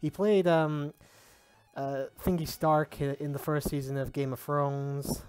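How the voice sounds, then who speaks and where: A man's voice: a little high, flat delivery, a little slow, darkish tone, smooth. A man with a Sheffield Yorkshire accent, chatting casually while streaming a game and swearing freely. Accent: Sheffield, Yorkshire English. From England. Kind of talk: casual gaming stream chat.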